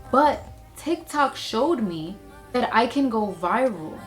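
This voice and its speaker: A young adult woman talking candidly to camera in a casual vlog, chatty and open, moving between reflective and excited. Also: medium pitch. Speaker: beauty and lifestyle creator.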